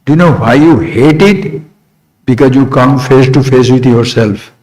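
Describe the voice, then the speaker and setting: A man giving a spiritual discourse. He talks in short repeated phrases and asks rhetorical questions, swinging from quiet remarks to sudden high emphasis. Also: unhurried, poor audio. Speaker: spiritual teacher.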